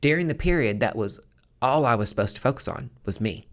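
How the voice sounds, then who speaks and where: A man's voice: medium pitch, lively intonation, brisk, a bit bright. A man hosting a podcast, talking in a frank, casual monologue and swearing freely. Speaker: podcast host.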